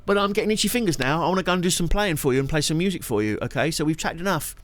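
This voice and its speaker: A man's voice: fairly high pitch, racing, no echo. A man chatting on his live stream, rambling and laughing often. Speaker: streamer and musician. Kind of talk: casual live-stream chat.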